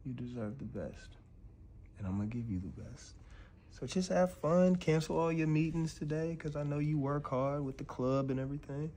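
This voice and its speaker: Man as a smooth-talking boyfriend in a comedy skit, husky voice. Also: fairly high pitch, normal speed, mellow. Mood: coaxing. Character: adult man sweet-talking his girlfriend. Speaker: skit actor.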